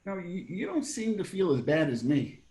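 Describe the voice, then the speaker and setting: A blunt grieving brother with a New Jersey accent stammers through rough, working-class talk. His voice sits a bit high and rings in a roomy echo. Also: sing-song, normal speed, warm tone.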